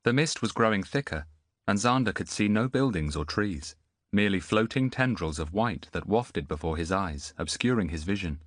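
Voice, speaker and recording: Deep-voiced, expressive male audiobook narrator. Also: normal speed, dry recording, studio quality. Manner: expressive storytelling. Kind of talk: scripted narration.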